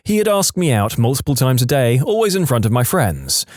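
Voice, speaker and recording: A man reading online stories aloud as a narrator, with expressive storytelling and dramatic pauses. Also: medium pitch, dry recording, clean studio sound.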